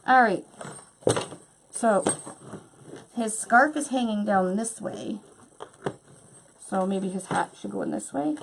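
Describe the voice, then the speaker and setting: Casting: woman, craft demo host, bubbly running commentary, mid-pitch voice, faint background hiss. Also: slow, gravelly, long pauses. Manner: chatty, bubbly, talks while working. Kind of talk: hands-on craft demonstration.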